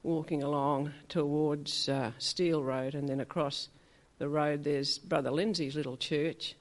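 Speaking to her church in a testimony, an older woman describes something that recently happened to her, rambling chattily with small asides and mimicking the people she met. Her voice sits low, with fairly even intonation and a measured pace.

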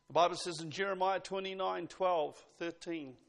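A man's voice: high voice, fairly even intonation, moderate pace, gravelly, hardly any pauses. A man preaching at a church service, reading scripture and leading the congregation in song. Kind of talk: sermon with congregational singing. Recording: loud music behind the voice.

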